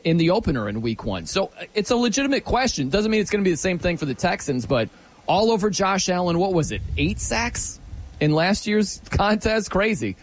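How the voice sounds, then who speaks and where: A man hosting a sports talk radio show in an animated, chatty way, putting questions to his co-host. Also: sits high.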